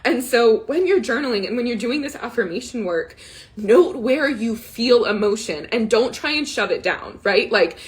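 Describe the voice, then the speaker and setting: A woman's voice: fairly high pitch, animated, normal speed. A woman in her thirties hosting a live money coaching session, telling a personal story candidly and growing tearful, with frequent "like" and "right?". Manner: candid, emotional, often says "right?" and "like". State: tearful, close to crying. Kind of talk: casual live coaching talk.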